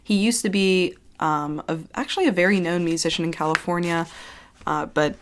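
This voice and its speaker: A woman vlogger in casual confessional chat to the camera, rambling with lots of "like" and casual swearing, by turns animated and subdued. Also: fairly low pitch, moderate pace. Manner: expressive, jumps between laughing and subdued.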